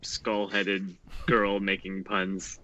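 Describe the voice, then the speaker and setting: A man playing a tabletop game, speaking in a relaxed, slightly hesitant way. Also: low-pitched, drawn-out words, dull audio. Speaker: player.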